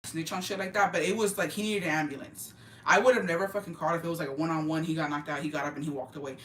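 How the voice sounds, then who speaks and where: Very fast and a bit bright, a woman vlogger with a deep, steady voice tells her viewers a casual, profane, emphatic gossip story, dropping Spanish phrases into her English. A distant mic, roomy space and faint ambient noise mark the recording.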